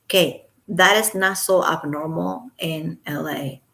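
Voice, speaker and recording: Low and gravelly but with a fairly bright tone, this woman's voice keeps a fairly even intonation as she reads unhurriedly. At home in Los Angeles, she works through a court filing, breaking off for sarcastic, incredulous remarks and dropping occasionally to a whisper.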